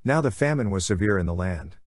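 Low-voiced man reading scripture. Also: no echo, studio quality. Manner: measured, steady scripture reading. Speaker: Catholic podcast host reading scripture. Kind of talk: Bible reading.

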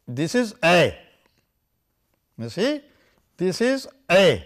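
An older man lecturing on how scripture words should be pronounced, halting and filling pauses with "uh" and "you see". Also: high voice, very animated. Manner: halting, many fillers, keeps saying "you see". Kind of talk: academic lecture.

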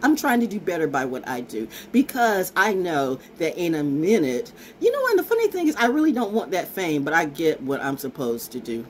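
A woman's voice: low voice, very animated, a little fast, hardly any pauses, a little hiss or hum. A woman vlogger talking in a brash, profane, rambling monologue that keeps circling back and repeating its phrases. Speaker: vlogger and self-styled oracle.

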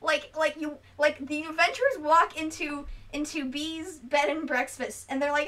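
A woman's voice: high voice, a little slow, distant mic, low-quality recording. A young woman chatting casually on a home livestream, sleep deprived, rambling and giggly as she tells stories. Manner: rambling, giggly, animated storytelling. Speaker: streamer. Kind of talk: casual chat. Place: indoors on a couch at home.

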